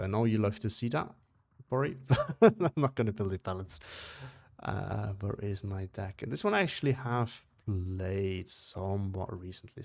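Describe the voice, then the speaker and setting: A man's voice: fairly low pitch, creaky. A young Swiss man streaming a game, speaking English as a second language with a mixed British-American accent, rambling and correcting himself as he chats with viewers. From Switzerland. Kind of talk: casual live-stream chat.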